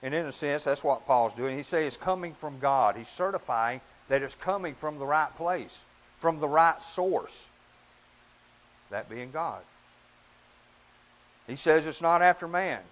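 A man preaching a sermon in an earnest, emphatic way, often rising and dropping in pitch and volume. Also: lively intonation, unhurried, pauses often, rough recording.

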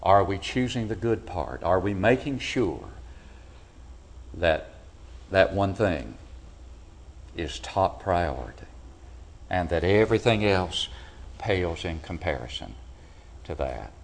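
Low-voiced guy preaching in church, loud then quiet, lots of "can't you?" type questions. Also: expressive, slow, gravelly, long pauses. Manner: asks the congregation rhetorical questions; swings from loud emphatic peaks to low quiet drops. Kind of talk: sermon. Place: church building.

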